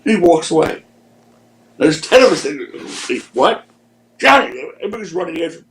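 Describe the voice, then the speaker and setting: A man in his sixties from Philadelphia, a podcast guest telling animated anecdotes and swearing freely. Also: a little high, fairly quick. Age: 60s. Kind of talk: casual storytelling. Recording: roomy echo.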